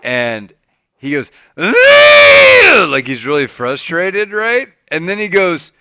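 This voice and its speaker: A man co-hosting a podcast in casual chat, telling stories in an animated way and acting out quotes. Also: fairly high pitch, unhurried, clean tone, dry recording, highs cut off. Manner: animated storyteller, acts out quotes. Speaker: podcast co-host.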